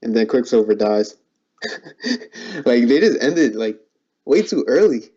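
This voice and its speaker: A man's voice: mid-range voice, expressive, unhurried, dark tone, breathy edge. A young man as a guest in a casual chat, easygoing and agreeable, who hedges a lot with "like". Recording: muffled lo-fi recording.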